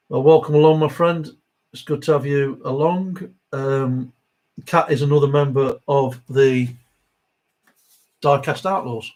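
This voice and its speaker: Unhurried and often pausing, this man has a medium-pitched, darkish voice with fairly even intonation. He's middle-aged, from the English Midlands, speaking with an East Midlands accent as he hosts a diecast model livestream. In a matey, chatty way, he reads out viewer comments and chuckles between them.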